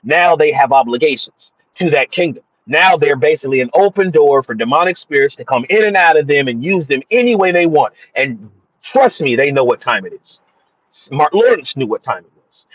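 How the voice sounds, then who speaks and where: A man's voice: mid-range voice, big pitch swings, fairly quick, husky, no echo. A man giving an emphatic, repetitive religious monologue about spirits. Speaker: spiritual commentator. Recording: dull dry lo-fi sound.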